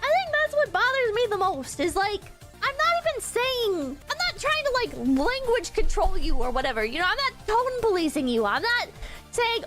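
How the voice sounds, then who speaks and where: Young female streamer, high-pitched, loose rambling delivery with frequent fillers; soft music bed. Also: very animated, moderate pace. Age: young adult. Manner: rambling, frank, swears often, many fillers. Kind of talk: casual stream chat.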